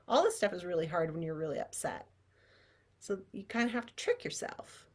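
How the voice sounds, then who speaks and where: A woman teaching as a clairvoyant energy healer, leading a guided visualization in a chatty, expressive way that drops to soft near-whispers. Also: on the low side, brisk.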